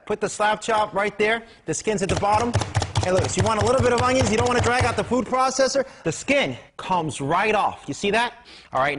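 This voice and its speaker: A man pitching a kitchen gadget in a pushy, jokey infomercial patter at a kitchen demo table. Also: background noise.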